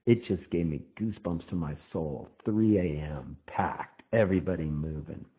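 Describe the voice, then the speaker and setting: A middle-aged man, a touring folk singer, rambling through a spoken monologue intro with drawn-out lines. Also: low voice, husky. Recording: tinny phone-like sound.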